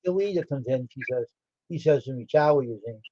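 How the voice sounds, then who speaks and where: A man's voice: medium pitch, a little fast, dull audio, crowd noise. A man casually telling a long, rambling story from his school days on a livestream, breaking into quoted voices. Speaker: livestream host.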